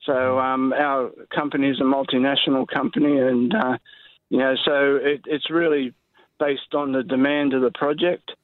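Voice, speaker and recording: A man who works as an engineer calling a talkback radio show, measured and hesitant. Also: medium pitch, flat delivery, dry recording. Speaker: caller, engineer. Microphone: telephone. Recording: tinny phone line.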